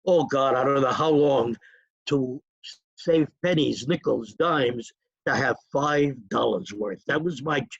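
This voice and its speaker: Gravelly older New man reminiscing. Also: mid-range voice, takes it slowly, no room sound, muffled recording. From New York. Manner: rambling, digressive storytelling with chuckles. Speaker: interview guest. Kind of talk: reminiscing in a casual interview.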